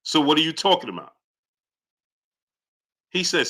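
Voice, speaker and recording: Young male boxing streamer, sharp bright tone, heated and combative with chat. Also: big pitch swings, measured pace. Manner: heated, argumentative, rising pitch when indignant. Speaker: boxing channel host. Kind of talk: live-stream commentary.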